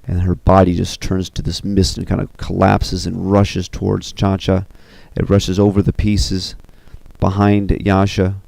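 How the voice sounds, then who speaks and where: A man casually recounting the scenes of an animated film, animated and full of "you know" and "uh". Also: sits low, creaky, no room sound. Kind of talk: casual retelling.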